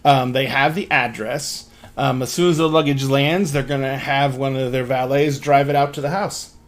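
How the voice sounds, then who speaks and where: A man's voice: mid-range voice, fairly even intonation, moderate pace. A man narrating as game master of a tabletop game, casual and laughing, swearing freely.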